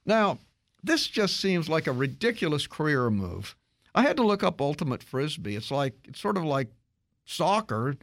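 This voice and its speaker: A man hosts a tech talk radio show, spinning a story with frequent restarts and false starts. His voice sits a bit high and swings widely in pitch. The studio sound is close and dry. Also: sing-song, moderate pace, fairly bright tone, dry recording. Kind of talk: casual radio tech chat.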